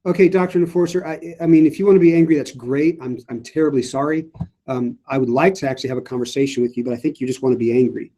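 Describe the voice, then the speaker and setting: A middle-aged priest talks fast in a warm, medium-pitched voice while leading a casual Bible study. Answering viewers' questions, he keeps restarting and using plenty of fillers in a conversational way.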